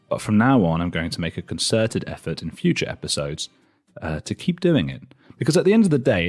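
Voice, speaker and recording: A man's voice: sits low, a little mellow. A man from near London hosting a podcast, chatty and self-mocking, with frequent fillers. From England. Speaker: podcast host. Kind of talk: casual chat and spoken intro.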